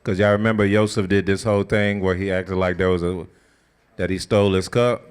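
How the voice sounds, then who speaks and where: A man leading a scripture study, retelling the story in a colloquial, conversational and animated way. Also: sits low, brisk, clean tone. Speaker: Bible study teacher. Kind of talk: casual sermon-style scripture teaching.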